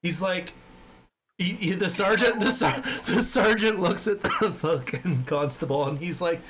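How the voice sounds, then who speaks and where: A man's voice: sits high, a little slow. A man streaming and casually telling anecdotes, swearing often and acting out the people in his stories. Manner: profane, animated, acts out voices in anecdotes. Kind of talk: casual storytelling chat. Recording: tinny phone-like sound with faint noise.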